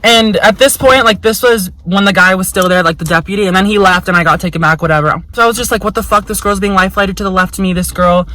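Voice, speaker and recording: A young woman vlogger talks fast with few pauses, her medium-pitched voice fairly bright and her intonation fairly even. She tells a story chattily and frankly, cursing a lot, saying "like" often, and voicing the people she quotes. The poor recording has no echo.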